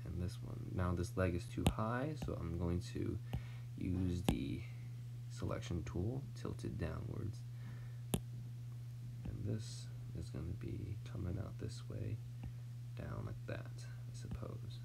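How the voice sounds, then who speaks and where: Heavy background noise accompanies this US artist as he draws live and talks through his thoughts. His low voice is expressive yet slow, full of vocal fry; he mumbles, drifts into near-whispers and makes self-deprecating remarks.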